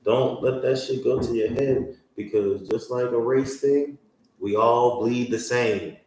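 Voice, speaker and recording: A man's voice: medium pitch, measured pace, darkish tone, a little hiss or hum. A man co-hosting a podcast, talking in a blunt, profane, combative way in casual chat. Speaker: podcast co-host. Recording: echoey room, mic far off.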